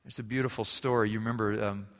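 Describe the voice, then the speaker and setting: Bright-voiced male pastor in a reverberant hall. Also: fairly low pitch, steady tone, quick pace. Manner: dynamic, swings from loud emphasis to quiet intimacy. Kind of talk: sermon. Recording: long reverb of a large hall.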